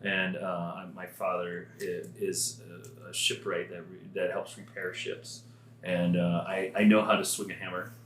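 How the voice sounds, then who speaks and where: A man's voice: deep voice, level tone, a little slow, fairly bright tone, roomy sound, slight background noise. A man playing a tabletop game, speaking hesitantly with many fillers. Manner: hesitant, many uhs and ums. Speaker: player.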